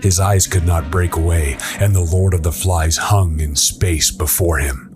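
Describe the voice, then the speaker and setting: Man, audiobook narration, low voice, measured, music behind. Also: fairly even intonation.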